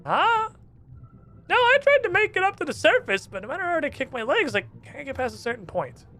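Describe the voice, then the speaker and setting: Man doing a very high, bouncy, bossy game tutor in a squeaky put-on voice. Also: sing-song, a little fast, bright, forceful tone, exaggerated voice. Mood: chirpy. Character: cheery high-voiced tutor stranded underwater.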